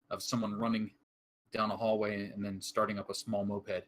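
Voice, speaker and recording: A man narrating a tabletop horror campaign as game master, describing scenes with frequent pauses and fillers. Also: on the low side, level tone, a bit bright.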